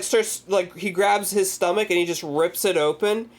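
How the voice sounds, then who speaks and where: A man's voice: high-pitched, moderate pace. A man hosting a movie discussion, casually recapping scenes in a rambling way full of filler words. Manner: energetic retelling of scenes. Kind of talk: casual film recap chat.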